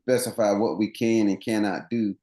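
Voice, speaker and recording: A man's voice: fairly low pitch, steady tone, normal speed, mellow, echoey room. A man running coach, interviewed as a guest on a podcast, explaining things earnestly at length with many restarts.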